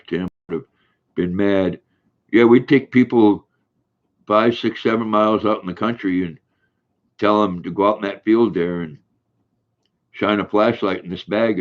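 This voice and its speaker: Rich: An older man with a low voice chats his way through a home live stream, rambling from one story to the next and laughing easily. The sound is dull and lo-fi. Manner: rambling, reads viewer comments aloud, chuckles often. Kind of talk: casual live stream chat.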